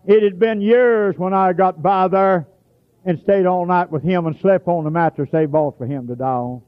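Folksy preacher on a tinny old radio recording. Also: male voice, high voice, normal speed. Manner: folksy storytelling, bursts into shouts. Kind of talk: sermon.

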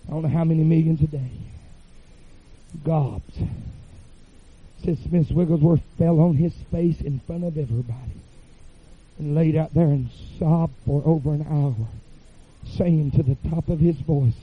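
A man preaching a revival sermon in a church, chanting phrases with "uh" fillers and rising to shouts. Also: on the high side, a little slow, breathy edge, narrow, tinny audio.

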